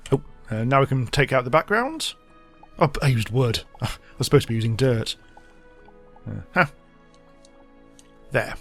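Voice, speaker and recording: A man's voice: medium pitch, fairly quick, fairly bright tone, no room sound, faint music behind. A man hosting a let's play, giving rambling, self-mocking commentary as he thinks aloud. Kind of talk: casual gameplay commentary.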